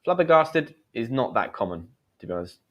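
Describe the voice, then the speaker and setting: A man in his thirties teaching English slang live, chatty, explaining with quick examples and acted lines. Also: mid-range voice, sing-song, fairly bright tone. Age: 30s. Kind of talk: live-streamed English lesson.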